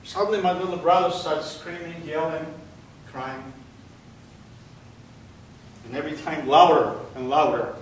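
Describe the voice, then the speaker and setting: Older man speaking in an echoey hall. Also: fairly even intonation. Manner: slow, deliberate storytelling, voice dropping low and quiet at grave moments. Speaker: Holocaust survivor speaker. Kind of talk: testimony talk to an audience. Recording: echoey hall recorded from far off, faint noise.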